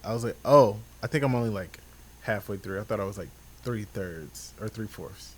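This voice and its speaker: A man's voice: fairly low pitch, moderate pace. Easygoing man, hesitant podcast chat. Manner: relaxed and hesitant, many ums and restarts. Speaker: podcast co-host. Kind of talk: casual chat.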